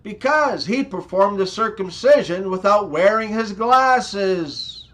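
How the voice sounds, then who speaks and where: Slow, lively high-voiced joke teller. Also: male voice. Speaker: comedy channel host. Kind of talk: scripted joke telling.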